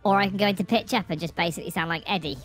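A man speaking through a pitch-up voice changer effect, playfully demoing it. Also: rapid-fire, fairly bright tone, faint music behind.

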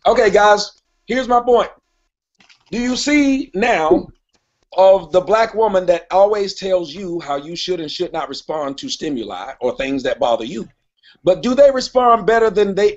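A man's voice: sits high, lo-fi sound. A man hosting a live online hangout, arguing with a caller, often cutting in and asking to finish his point. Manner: argumentative, cuts in, keeps repeating "wait a minute". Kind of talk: heated live debate. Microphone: online call audio.

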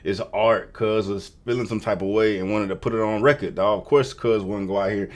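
A man's voice: lowish voice, steady tone, a little fast, background noise. A man giving casual reaction commentary, profane and slangy, tacking on bro and dog. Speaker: music reaction host.

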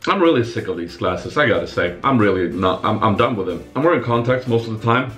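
A man from Sweden talking casually in a home vlog, chatty and playful, dropping to soft murmurs and jumping to high excited bursts. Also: fast, roomy sound, faint music behind. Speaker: vlogger. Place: home kitchen.

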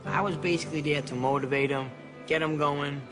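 A man from Massachusetts talking in a casual documentary interview, with a slightly raised pitch. He rambles, repeats phrases and chuckles as he tells his story, over faint music. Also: fairly even intonation, a little fast. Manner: rambling, repeats himself, laughs between phrases. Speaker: interviewee, former boxer.

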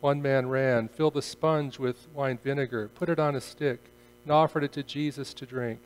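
A male pastor preaching a solemn sermon and reading scripture, his voice swelling loudly on quoted cries. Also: mid-range voice, steady tone, moderate pace, long reverb tail, low-quality recording. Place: church sanctuary.

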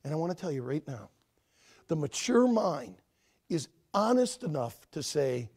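An older male preacher delivers his sermon in an earnest, emphatic, chatty way. His voice is husky, and his pitch rises and falls freely as he presses his points home. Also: big pitch swings, unhurried, a little mellow. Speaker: pastor. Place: church sanctuary.

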